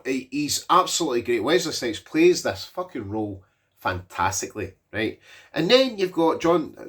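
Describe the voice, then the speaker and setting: A man's voice: mid-range voice, fairly bright tone. Fortysomething guy rambling through a movie recap, lots of ums and swearing, average voice. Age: 40s. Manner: rambling, swearing, with frequent fillers. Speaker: movie reviewer. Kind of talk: casual rambling film recap.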